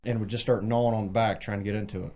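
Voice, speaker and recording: A man's voice: on the low side, steady tone, fast, dark tone. A young man in his twenties, a podcast co-host, telling a story in casual chat with lots of swearing and laughter.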